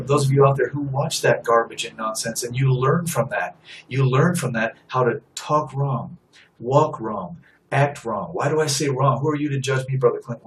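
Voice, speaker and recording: A man's voice: mid-range voice, far from the mic, rough recording. A man giving an impassioned sermon, blunt and emphatic, driving points home by repeating them. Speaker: street preacher.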